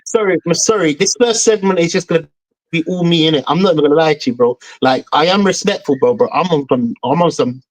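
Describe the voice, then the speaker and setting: A man's voice: a little high, fast talker, rough recording. A young man hosts a football fan stream and rants angrily, swearing and saying "bro" again and again. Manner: angry, swearing, repeats "bro". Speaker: fan show host. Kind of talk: heated football fan rant.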